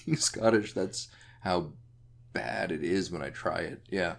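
A young adult man co-hosting a podcast in casual chat, trading deadpan wisecracks. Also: deep voice, measured pace, gravelly. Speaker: podcast co-host.

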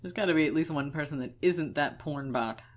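A young woman with a notably low, deep voice banters as a podcast co-host. Her talk is loose and jokey, full of laughs and quick asides, in an easy casual chat. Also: slight background noise. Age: young adult. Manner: joking, laughs often.

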